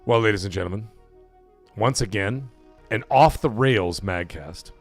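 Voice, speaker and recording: A man's voice: on the low side, unhurried, soft background music. A man hosting a live stream, chatting casually and rambling, with frequent swearing. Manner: profane, rambling, animated.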